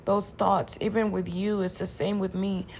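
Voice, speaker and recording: A woman vlogger talking through her feelings in an impassioned personal monologue, swinging from quiet to loud pleading. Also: medium pitch, flat delivery, normal speed, a little hiss or hum. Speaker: vlogger reacting to a reading.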